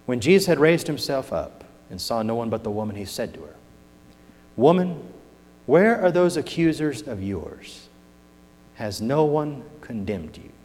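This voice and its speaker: A man preaching a sermon, moving from hushed scripture reading to loud emphatic points, with folksy turns of phrase. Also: medium pitch, very animated, unhurried. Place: church sanctuary. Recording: long hall reverb.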